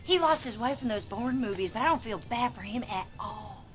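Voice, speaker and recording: A woman's voice: a little high, lively intonation, a little fast. A woman playing a chatty, teasing shopper in a comedy ad sketch.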